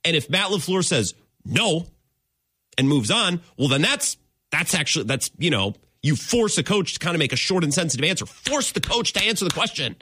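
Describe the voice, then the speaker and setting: A man's voice: a little high, very animated, a little fast, bright, forceful tone, breathy edge, dry recording. A man hosting a sports talk radio show, ranting emphatically with mock exasperation. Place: radio studio.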